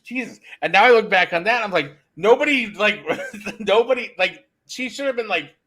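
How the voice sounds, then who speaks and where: Middle-aged male podcast host, casual and rambling, stops and restarts often, a bit high-pitched. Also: expressive, normal speed, a bit bright. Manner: rambling, self-interrupting storyteller. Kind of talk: casual chat.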